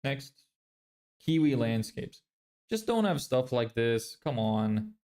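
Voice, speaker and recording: A man's voice: medium pitch, big pitch swings, slow pace, dark tone. A man livestreaming his screen, muttering blunt critiques of websites in a casual, neutral-sounding accent. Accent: neutral, often heard as American. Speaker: business vlogger.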